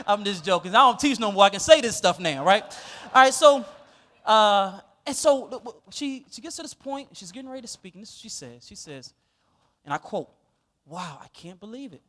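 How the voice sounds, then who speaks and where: A male pastor telling a story in a sermon, animated and laughing as he goes. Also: sits high.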